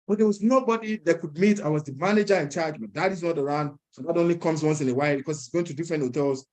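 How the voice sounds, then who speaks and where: A young man speaking at an entrepreneurs' event, telling a personal story in a lively way, chuckling and acting out other people's lines. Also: fairly high pitch, fast, hardly any pauses. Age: young adult.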